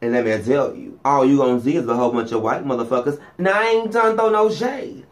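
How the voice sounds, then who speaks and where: A man, giving a profane, sassy gossip monologue as a vlogger, swinging his pitch up and down for emphasis. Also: fast.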